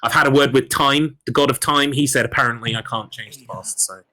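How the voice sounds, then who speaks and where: Guy on a game stream, bright sharp voice, rambly, swears a lot, laughs at himself. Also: mid-range voice, a little fast. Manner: rambling, self-deprecating, swears freely. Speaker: speedrun racer. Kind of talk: casual live-stream chat.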